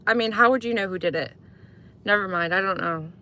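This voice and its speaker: A woman's voice: fairly quick, bright, forceful tone. A woman live streaming in casual chat, talking to viewers and answering their comments. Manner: chatty, answers chat comments, mimics sweet talk in high voice.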